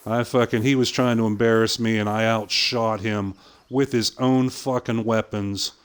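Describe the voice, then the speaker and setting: Casting note: older male streamer, lowish voice, animated storyteller, salty language. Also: normal speed, clean tone. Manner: animated anecdote-telling with impressions and swearing. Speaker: gaming streamer. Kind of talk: casual storytelling while playing.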